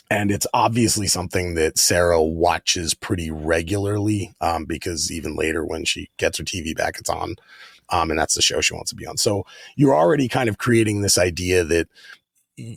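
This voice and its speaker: A man's voice: deep voice, gravelly, fairly bright tone, no room sound, clean studio sound. A man guesting on a film podcast who talks casually about a movie, hesitating often as he works through his thoughts. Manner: hesitant, many fillers and restarts.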